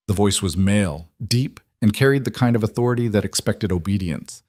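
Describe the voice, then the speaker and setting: Low voiced guy narrating a dark story, steady and measured, dry close mic. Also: no room sound.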